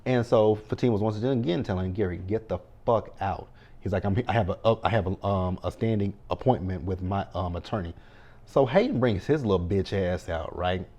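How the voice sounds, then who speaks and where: A man's voice: low voice, moderate pace, darkish tone. A man giving a casual, blunt, profane recap of a TV episode and talking back to the characters as he goes. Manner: blunt, profane running commentary. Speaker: TV show recapper.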